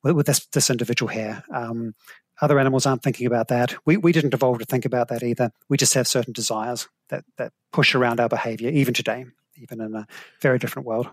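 A middle-aged man with a New Zealand accent answers interview questions in a thoughtful, hedging way. His voice sits at an ordinary pitch. The sound is dry and close, with no room around it. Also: steady tone, fast talker, no room sound. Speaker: guest, evolutionary psychology professor. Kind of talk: explanatory interview talk.

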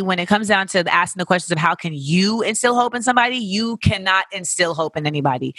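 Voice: mid-range voice, bright, forceful tone, dry recording, clean studio sound. A podcast host, talking casually and candidly, with profanity and playful tangents while answering listener questions. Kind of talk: casual reflective chat.

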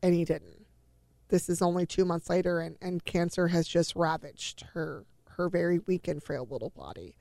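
A mother in her forties, appearing as an interview guest, earnestly recounts a family story, sighing often and acting out what each person said. Her lowish voice is mellow with vocal fry, at normal speed, and there is no room sound.

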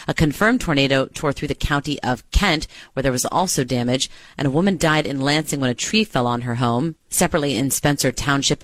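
Brisk newsreader, dry studio sound. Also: medium pitch, a bit bright, dry recording. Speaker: news reporter. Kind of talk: read news report.

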